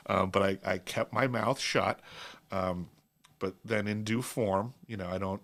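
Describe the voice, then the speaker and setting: Lowish voiced guy rambling thru a funny story, keeps laughing. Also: fairly even intonation, a little slow, gravelly, a bit bright. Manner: rambling, laughs at his own stories. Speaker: show host. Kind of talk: casual storytelling.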